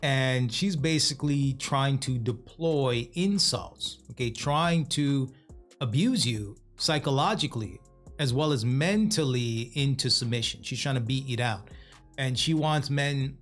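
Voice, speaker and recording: A man's voice: medium pitch, a little slow. Man, reaction commentary host, mocking, lecturing, faint background music. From North America. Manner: mocking, lecturing, rhetorical questions. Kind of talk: commentary on clips.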